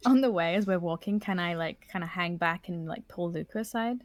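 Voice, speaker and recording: A woman's voice: lowish voice, a little fast, dry recording. A woman speaking as a player at a tabletop game, easygoing and a little tentative. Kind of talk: casual tabletop play.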